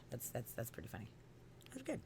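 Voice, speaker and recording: A young woman hosting a podcast, telling stories in an animated, expressive way, swinging from loud outbursts to low murmurs. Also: background noise. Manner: animated storytelling, swearing, voice swinging from loud to quiet. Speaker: podcast host. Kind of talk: casual podcast chat.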